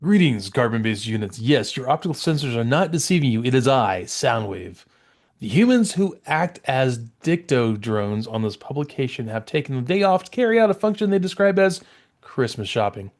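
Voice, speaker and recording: A man's voice: mid-range voice, big pitch swings, moderate pace, lightly acted. A man voicing a haughty robot villain who looks down on humans, reading in a formal, disdainful way. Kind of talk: reading a comic page in character.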